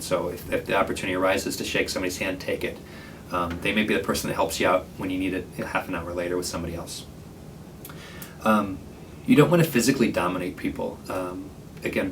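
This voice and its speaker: Earnest low-voiced man giving advice. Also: distant mic, noisy background. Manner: casual, earnest, many fillers and restarts. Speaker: homeless shelter worker. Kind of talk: training talk to librarians.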